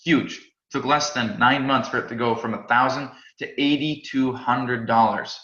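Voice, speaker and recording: A man teaching a live class in an energetic, chatty way, often repeating and restarting words. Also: mid-range voice, moderate pace. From United States. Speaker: crypto trading instructor. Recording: roomy, slightly dull sound.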